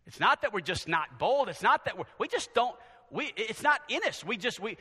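High, animated preaching man in echoing church. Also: brisk. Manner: swings from loud preaching to hushed near-whispers. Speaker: pastor. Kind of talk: sermon. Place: church sanctuary. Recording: long reverb in a church sanctuary.

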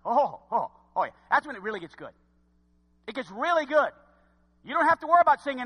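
Preacher guy in a big echoey church, really high bright voice, goes from whispering to yelling, talks right at the folks. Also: big pitch swings, normal speed, pauses often. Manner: dramatic swings from hushed to shouting; folksy, talks straight to the congregation. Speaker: pastor. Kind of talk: sermon. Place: church sanctuary. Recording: long hall reverb.

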